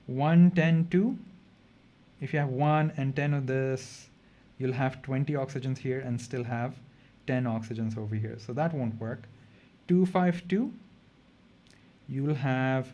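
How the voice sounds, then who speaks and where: A young man runs a relaxed exam revision session in chemistry, talking through problems as he goes. His voice sits at an ordinary middle pitch for a man. He thinks out loud and often stops to correct himself mid-sentence. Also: highs cut off. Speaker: chemistry tutor. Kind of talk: casual exam revision lesson.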